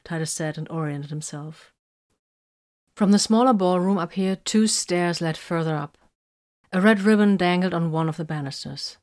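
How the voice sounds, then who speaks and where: A woman reading a story aloud in even, measured audiobook narration. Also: fairly low pitch.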